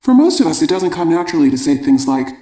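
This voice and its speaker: A man reading a parenting audiobook in a calm, measured way. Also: a little high, reverberant. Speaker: audiobook narrator. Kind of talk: scripted audiobook narration.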